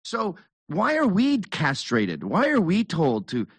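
A man's voice: sits high, huge pitch swings, slow, breathy edge, dry recording. A man hosting a casual chat, talking bluntly and emphatically, often with mockery.

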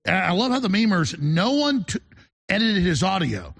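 Urgent talk show host, man, very gravelly, husky, high voice. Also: big pitch swings, moderate pace, a bit bright. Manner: urgent, emphatic pitching. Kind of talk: talk radio broadcast.

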